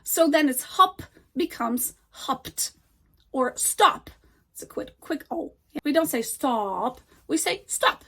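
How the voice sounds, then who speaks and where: High-voiced woman teaching English. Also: bright, forceful tone. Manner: slow, deliberate modeling of example words. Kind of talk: scripted grammar lesson.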